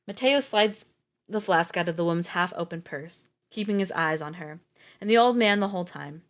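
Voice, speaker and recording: A woman's voice: lowish voice, moderate pace, a bit bright. A woman streamer reading a story aloud live, breaking off for casual, swearing asides.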